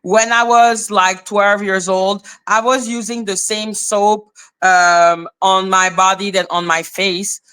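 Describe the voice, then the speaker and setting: A woman's voice: mid-range voice, sharp tone, clean tone. Blunt woman ranting on a livestream. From Canada. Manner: blunt, profane ranting, greeting chat viewers. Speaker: live-stream host. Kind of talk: live-stream commentary.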